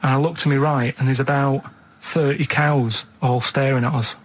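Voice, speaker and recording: A man's voice: medium pitch, fairly even intonation, normal speed, slight background noise, low-quality recording. Man, Mancunian accent, hesitant, rambling story, casual radio chat. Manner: hesitant, full of "right?" and "and that". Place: radio studio.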